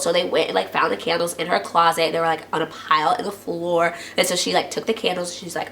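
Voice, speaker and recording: A woman's voice: on the low side, quick pace, creaky, hardly any pauses. A woman chattily recapping a TV episode for her channel, full of "like" and acting out quotes. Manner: chatty, heavy use of "like", acts out quotes in lively voices. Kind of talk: casual TV recap.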